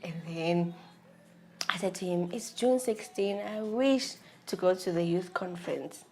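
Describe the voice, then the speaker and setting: A young woman with a South African accent, telling a personal story in an animated, laughing, slangy way. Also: on the low side, unhurried. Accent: South African English. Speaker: vlogger. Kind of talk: storytelling about her marriage.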